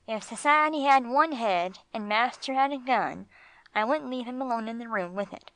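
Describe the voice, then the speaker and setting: A woman voicing a gruff, streetwise male bulldog with slangy tough-guy talk, read for an audiobook. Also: medium pitch, expressive, normal speed, a bit bright, dry recording, natural voice, rough recording. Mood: scornful.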